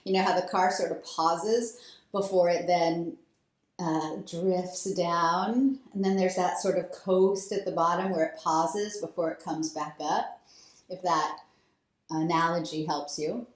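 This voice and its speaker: A woman yoga teacher giving calm, slow breathing instructions. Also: fairly low pitch. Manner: calm, slow guiding cues, growing softer. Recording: roomy echo.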